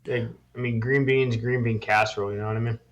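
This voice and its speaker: A man's voice: mid-range voice, flat delivery, fast, dull audio. A young man co-hosting a podcast in casual chat, laid-back and teasing. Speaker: podcast co-host.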